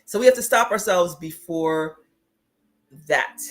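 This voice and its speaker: A woman spiritual teacher gives a reflective livestream talk in a lowish voice at a measured pace. She laughs often, acts out inner voices, and greets viewers as she reads their comments.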